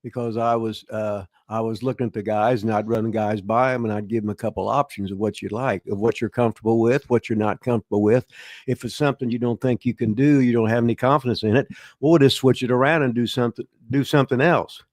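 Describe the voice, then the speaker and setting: An older man spins rambling stories in a casual live chat, his voice sitting in a middling pitch. He stops and restarts often, leaning on fillers and chuckling now and then. The sound is close and dry, with no room around it. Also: fairly even intonation, fast, darkish tone, dry recording. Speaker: host, veteran wrestler and former booker.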